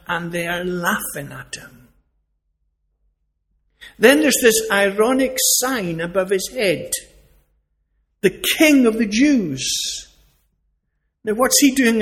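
A man preaching a sermon, earnest and emphatic, asking rhetorical questions. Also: high voice.

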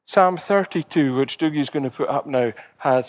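A man's voice: on the high side, lively intonation, normal speed, few pauses. A middle-aged man, a preacher giving a sermon in an earnest, conversational way, lifting his voice to stress points.

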